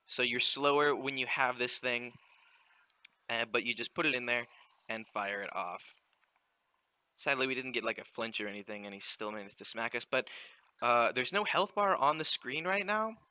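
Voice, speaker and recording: A man giving relaxed, chatty commentary while playing through a video game. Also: mid-range voice, moderate pace, clear, resonant tone, no echo. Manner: relaxed, chatty, explaining as he plays. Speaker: let's play gamer. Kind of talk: casual gameplay commentary.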